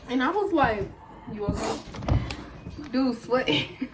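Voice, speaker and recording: A young woman vlogger, telling a story in a casual, animated way while eating on camera. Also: fairly high pitch, a little slow, background noise. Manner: lively, animated retelling with acted quotes. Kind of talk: casual storytelling during a mukbang.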